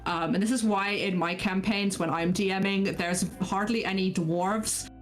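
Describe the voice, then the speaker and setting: An English woman chats casually on a stream at an ordinary middle pitch. She laughs often and pokes fun at herself. A little music plays faintly in the background. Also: steady tone, measured pace. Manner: laughs often, self-deprecating. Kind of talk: casual chat.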